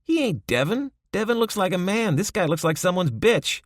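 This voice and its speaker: A man's voice: high voice, sing-song, moderate pace, no room sound, clean studio sound, pitched above the performer's own voice. A man voicing a crude, volatile young male drug dealer in an audiobook, swearing and lashing out. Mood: scornful. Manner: profane, aggressive outbursts. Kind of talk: audiobook character voice.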